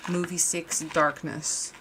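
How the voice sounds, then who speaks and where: Low-voiced woman chatting while she crafts. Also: level tone, slow pace, background noise. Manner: rambling, with frequent restarts and fillers. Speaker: crafting livestream host. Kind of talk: casual chat while crafting.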